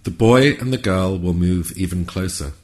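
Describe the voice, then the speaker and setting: A man narrating a whimsical story in a calm, measured, wry way. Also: sits low.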